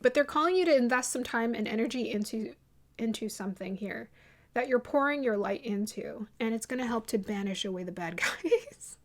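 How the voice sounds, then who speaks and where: A woman's voice: fairly high pitch, lively intonation, brisk. Chatty, rambling woman reading tarot cards. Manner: chatty and rambling, laughs at her own drama; restarts sentences often, many fillers. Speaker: tarot reader. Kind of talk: casual intuitive tarot reading to camera.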